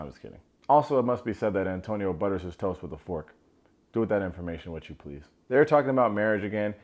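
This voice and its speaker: A man with a lowish voice giving a casual commentary recap of a reality show. He talks with sarcastic, slangy energy and swings from flat muttered remarks to sudden high-pitched exclamations. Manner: animated and sarcastic, slangy asides.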